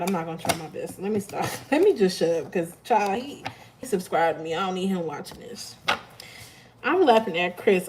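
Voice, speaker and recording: A woman's voice: mid-range voice, a little hiss or hum, low-quality recording. A woman hosting a live tarot stream, chatting casually with her viewers and laughing often.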